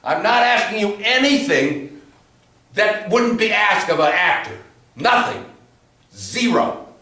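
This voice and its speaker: A man directing an actor in rehearsal, blunt and swearing, dropping low then pushing hard, recorded from across an echoey studio theatre. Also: lively intonation, slow, gravelly. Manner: blunt, swearing, swings from quiet to loud pushing. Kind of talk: rehearsal coaching. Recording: echoey room from far off.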